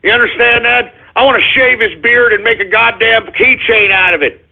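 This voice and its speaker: A man hosting a talk radio show, ranting and swinging from calm talk to angry shouting. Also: very high voice, moderate pace, vocal fry. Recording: muffled phone-like internet radio audio.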